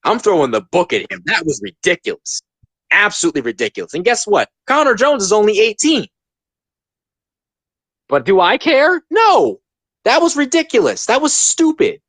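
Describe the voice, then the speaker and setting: A man in his twenties hosts a casual podcast, ranting emphatically and hammering his points home. His pitch leaps and dips with real animation. The sound is dry, with no room around it. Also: sing-song, moderate pace, fairly bright tone, no echo. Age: 20s. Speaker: podcast host.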